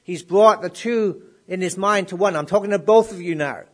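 A man's voice: sits high, normal speed, hardly any pauses. A middle-aged man preaching a sermon. He asks the congregation questions and builds up to emphatic declarations.

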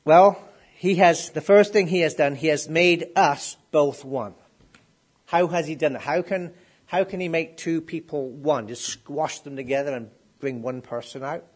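A man's voice: a little high, a little slow. A middle-aged man preaching a sermon. He asks the congregation questions and builds up to emphatic declarations.

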